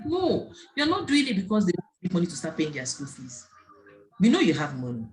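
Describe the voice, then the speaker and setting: A woman's voice: fairly low pitch, a little fast, faint music behind. A woman giving an online talk to parents, telling stories and acting out the voices of the people in them. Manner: lively storytelling, acting out quoted voices. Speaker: parenting speaker. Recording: faint background noise and clicks.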